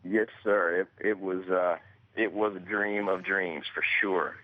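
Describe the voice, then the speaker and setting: A man in his thirties from Alabama, a guest calling in by phone, telling stories in polite, quick bursts and laughing easily. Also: low voice, fairly even intonation, dry recording. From Birmingham, Alabama. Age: 30s. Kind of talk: casual chat. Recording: dry, muffled phone line.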